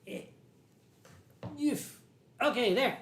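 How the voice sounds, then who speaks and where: A man with a Philadelphia accent hosting a casual livestream from home, reading viewer comments in a dry, wry way and often clearing his throat. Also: very high voice, animated, extremely slow, fairly bright tone, slight background noise. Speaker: livestream host. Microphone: desk microphone.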